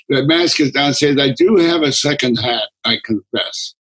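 A man in his nineties, a guest speaking from his home, unhurried and wry with soft chuckles. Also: mid-range voice, low-quality recording. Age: 90s. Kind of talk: relaxed conversation.

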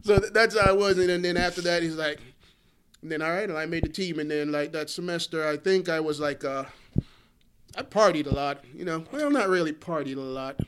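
A man in his forties telling animated stories in casual talk, laughing often and swearing freely. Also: a little high, brisk, slight background noise. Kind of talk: casual storytelling.

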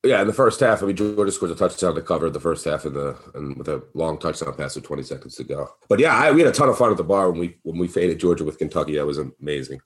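A man hosting a sports betting podcast, chatting casually and getting excited in sudden bursts. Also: quick pace, hardly any pauses. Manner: excitable, big leaps in pitch. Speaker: podcast host.

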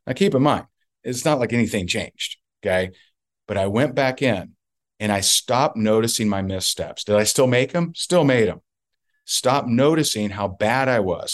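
Low-voiced man telling an emphatic story. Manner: emphatic, repeats points for effect. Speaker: guest, network marketer. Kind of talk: storytelling in a podcast interview.

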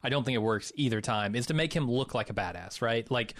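A man co-hosting a casual movie-review chat, sardonic and quick to swear and laugh. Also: medium pitch, fairly bright tone, no room sound, clean studio sound.

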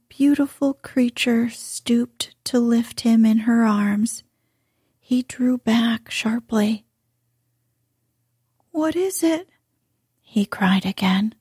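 A woman reading a bedtime story aloud in a soft, hushed, drawn-out delivery. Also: on the high side, husky, no echo, clean studio sound.

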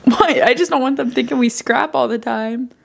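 A woman's voice: sits high, normal speed, gravelly. A woman co-hosting a casual podcast chat, blunt and teasing, swearing freely. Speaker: podcast co-host.

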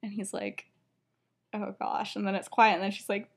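A woman's voice: mid-range voice, flat delivery, creaky, husky. Young female podcast co-host, giggly chatterbox, retells stories and acts out every quote. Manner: chatty, giggly, full of fillers and quick quoted voices. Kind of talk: casual chat retelling a fan story.

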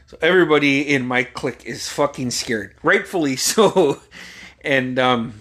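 A man's voice: mid-range voice, fairly bright tone. A man in his forties from Alaska, telling a rambling, profane anecdote and chuckling often. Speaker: storyteller.

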